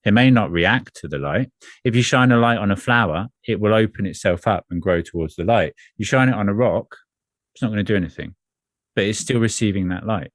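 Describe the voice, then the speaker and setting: Low-voiced earnest male coach. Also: no echo, studio quality. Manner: earnest, measured, repeats phrases. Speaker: energy coach. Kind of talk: spiritual conversation.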